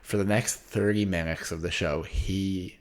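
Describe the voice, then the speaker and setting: A man with a very low voice chats casually on a podcast. He rambles through a long anecdote, stopping and restarting his sentences as he goes. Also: steady tone, measured pace. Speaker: podcast co-host. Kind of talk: casual chat, telling an anecdote.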